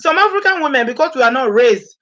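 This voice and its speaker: Her voice is high-pitched and quick, and the audio is dull. The speaker, a woman vlogger from Nigeria with a Nigerian accent, chats animatedly with live viewers, often laughing and acting out what others say.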